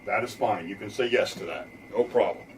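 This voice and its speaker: A defense lawyer explaining rights in plain talk, now and then mimicking police officers in a loud mocking voice. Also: male voice, fairly low pitch, brisk, recorded from a distance, a little hiss or hum.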